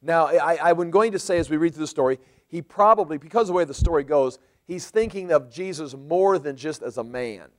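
Guy preaching in church, fairly high voice, chatty bible teaching, keeps rephrasing stuff. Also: a little fast, hardly any pauses. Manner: conversational, explaining and rephrasing. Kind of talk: sermon, verse-by-verse Bible teaching.

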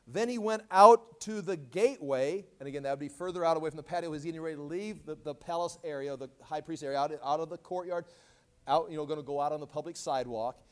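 High-voiced man preaching with animated voice-acting. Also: smooth. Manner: animated, acts out quoted lines with big swings in pitch and volume. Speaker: Bible teacher. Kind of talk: expository sermon.

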